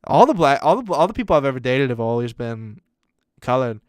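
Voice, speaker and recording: Young male podcast co-host with a smooth, resonant voice and a dead-dry close-mic sound, a crude, rambling storyteller. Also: medium pitch, sing-song, fairly quick, dry recording. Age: young adult.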